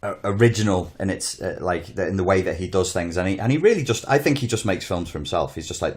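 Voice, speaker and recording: A man's voice: low voice, a little fast. A man in casual podcast chat, rambling and blunt, often restarting his sentences. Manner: rambling, blunt, swears, self-interrupting. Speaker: podcast co-host.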